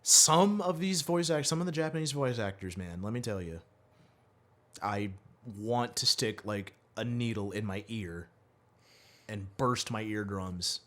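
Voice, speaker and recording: A man's voice: lowish voice, a little slow, fairly bright tone. A man co-hosting a podcast, talking bluntly and swearing freely in casual chat. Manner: blunt and profane. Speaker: podcast co-host.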